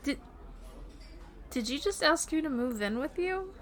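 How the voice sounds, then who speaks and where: A woman's voice: sits high, lively intonation, a little slow. A woman playing a playful, teasing young girlfriend in a romantic audio role-play, giggling often. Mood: stunned.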